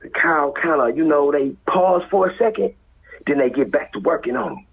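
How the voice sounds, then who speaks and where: An animated guest storyteller with a Los Angeles accent recounts a street story at normal speed, his voice very husky, raspy and breathy. Acting out voices and sound effects, he swings widely in pitch and dips into whispers. It sounds thin and tinny, like a phone call.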